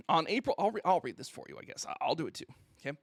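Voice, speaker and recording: A man's voice: a little high, very animated, fairly quick, fairly bright tone, husky, no room sound, studio quality. A man streamer ranting on a casual livestream, mock-indignant and theatrical, who keeps asking "okay?".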